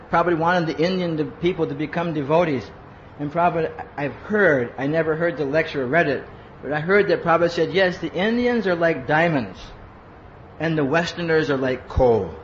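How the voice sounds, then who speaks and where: A man giving a sermon as a conversational story, acting out what people said and often asking "huh?". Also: fairly high pitch. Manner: conversational storytelling, acts out quotes, asks "huh?". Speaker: preacher. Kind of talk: sermon with personal stories. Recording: roomy lo-fi hall recording with hum.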